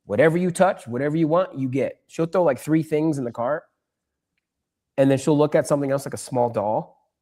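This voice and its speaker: A young man with a slightly high voice tells relaxed podcast anecdotes. He acts out short exchanges with his daughter as he goes. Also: brisk. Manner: storytelling, acting out his daughter's lines. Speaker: podcast co-host. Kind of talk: casual chat.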